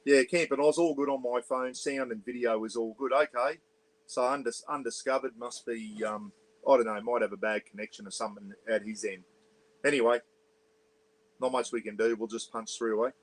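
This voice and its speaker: An Australian man runs an offhand, rambling livestream from inside a small caravan, talking into an iPad. He greets viewers by name and reads out their comments. He keeps his voice a bit low so he doesn't disturb the neighbours. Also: fairly even intonation, moderate pace, low-quality recording. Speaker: livestream host. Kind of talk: casual livestream chat.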